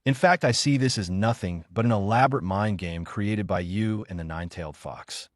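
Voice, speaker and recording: A man voicing a stern, weary old male village leader with a deadpan manner. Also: lowish voice, moderate pace, no room sound, clean studio sound, close to an everyday voice.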